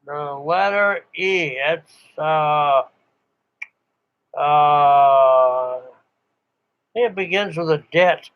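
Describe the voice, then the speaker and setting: A man's voice: a little high, extremely slow, pauses often, clear, resonant tone, lo-fi sound. An older man, a ham radio operator, telling rambling stories in a casual chat with frequent chuckles. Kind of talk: casual monologue.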